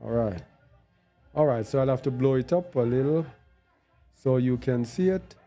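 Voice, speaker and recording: A man's voice: mid-range voice, normal speed, warm tone, faint music behind. A man giving an unscripted bible teaching. He thinks aloud while searching on screen and repeats words for stress.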